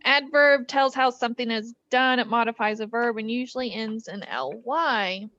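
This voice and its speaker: Woman, podcast co-host, bright voice, amused, dry dull recording. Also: a little high, moderate pace. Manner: amused, laughs often, matter-of-fact. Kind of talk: casual chat.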